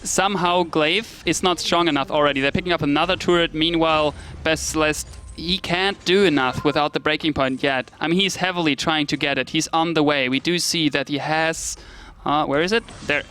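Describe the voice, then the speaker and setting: A man casting a live esports match with a somewhat high voice. He talks in a chatty, self-deprecating way and laughs easily between points. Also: fairly even intonation, a little fast, hardly any pauses, pushed and bright, slight background noise. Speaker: esports commentator.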